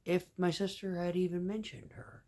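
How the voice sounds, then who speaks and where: A woman's voice: fairly low pitch, moderate pace, creaky, dark tone. A woman telling a rambling, profane story in casual vlog style, often dropping to a whisper. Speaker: vlogger.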